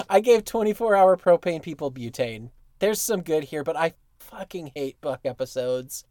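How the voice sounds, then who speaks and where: A man's voice: on the high side, lively intonation, moderate pace, mellow. A man co-hosting a podcast in casual chat, laid-back and chatty, laughing easily. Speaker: podcast co-host.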